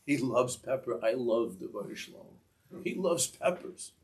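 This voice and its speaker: A man voicing a fiery, joyful old Hasidic holy man who exclaims in a high, excited voice and refers to himself by name. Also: a little fast, recorded from a distance, lightly acted. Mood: ecstatic.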